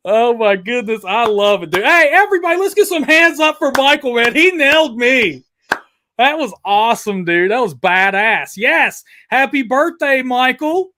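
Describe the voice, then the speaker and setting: A man hosting a livestream chat, excitable and hyping up his guest and viewers. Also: very high voice, moderate pace. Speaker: host.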